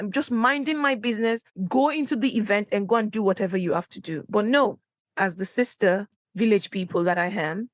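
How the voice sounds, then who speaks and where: Chatty woman podcaster, dry close sound. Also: dry recording. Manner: chatty storyteller, acts out quotes with big pitch jumps. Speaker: podcast host. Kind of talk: solo podcast monologue. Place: indoor room, recording at home setup.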